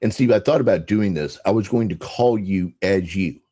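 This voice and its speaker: An older man and podcast guest, explaining in a measured way that often trails off softly. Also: low-pitched. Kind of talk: casual podcast conversation.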